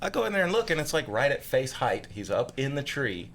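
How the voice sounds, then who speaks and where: A man's voice: a little fast, gravelly, slight background noise. A man in his thirties telling a story in casual podcast chat, acting out other voices along the way. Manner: animated storyteller, acts out voices with big pitch jumps. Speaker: podcast co-host.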